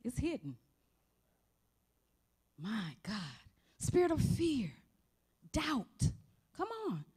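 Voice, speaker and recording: Woman pastor preaching slow and animated, high voice, church sermon with call and response. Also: husky. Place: church sanctuary.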